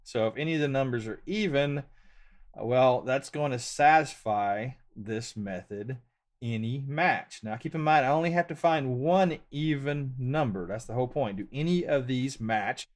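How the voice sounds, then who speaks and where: A man's voice: mid-range voice, moderate pace. Laid-back louisiana guy teaching code, chatty and joking around. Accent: Louisiana Southern US. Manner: easygoing, chatty, jokes about himself. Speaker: programming tutorial host. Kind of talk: screen-share coding lesson.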